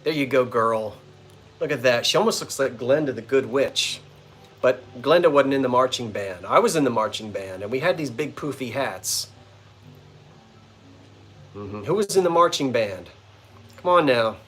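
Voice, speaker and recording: A man's voice: mid-range voice, lively intonation, normal speed, long pauses, a bit bright, slight background noise. A man hosting a casual livestream sale of vintage goods from his front porch, chatting playfully with viewers and greeting them by name. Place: front porch of an old bungalow.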